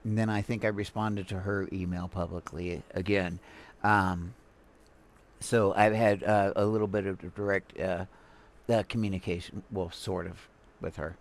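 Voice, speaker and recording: A man's voice: low voice, fairly even intonation, a little hiss or hum. An older man from Houston talks through a video in loose, casual commentary. He stops and restarts often and fills the gaps with ums. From Houston, Texas. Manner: chatty, halting with many fillers and restarts. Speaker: live streamer reacting to a video.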